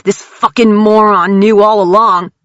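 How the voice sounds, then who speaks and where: A woman voicing an angry adult man who shouts in protest, in an audiobook. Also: medium pitch, fairly even intonation, a little slow, no echo, lo-fi sound, pitched above the performer's own voice, lightly acted. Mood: furious.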